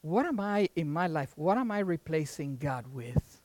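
An emphatic preacher with a lively voice. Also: medium pitch, normal speed, no echo. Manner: emphatic, rhetorical questions, folksy interjections. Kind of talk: sermon.

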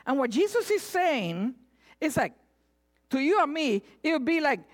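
A woman preaching a sermon, retelling scripture with animated asides and acted-out cries. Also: sits high, moderate pace. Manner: animated, acts out voices and cries.

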